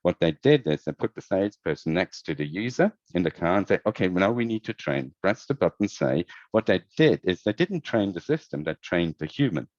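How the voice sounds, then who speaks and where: A head of user experience is interviewed about his work on a conversational podcast, speaking thoughtfully with many restarts and repeated words. His low, darkish voice is very animated, a bit fast, with few pauses. The remote audio is dull and lo-fi, with no room sound.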